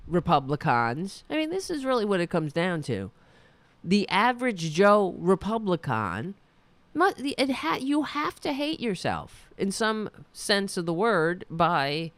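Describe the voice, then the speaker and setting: A woman's voice: mid-range voice, big pitch swings, unhurried, dry recording. A woman hosting a solo political commentary show, rambling and ranting with indignation. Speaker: podcast host.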